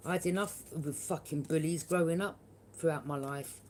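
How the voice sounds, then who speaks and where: A woman with a lowish voice does a collective tarot reading and talks straight to her viewers. Her manner is blunt and forthright, she swears freely and keeps tagging her points with "yeah?". A faint hum of room noise sits under her voice. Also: moderate pace, darkish tone. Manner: frequent tag question "yeah?". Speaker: tarot reader.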